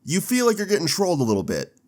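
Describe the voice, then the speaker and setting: A young man in his twenties telling a casual storytime, animated and swearing with laid-back slang. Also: on the high side, rapid-fire. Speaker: storytime vlogger.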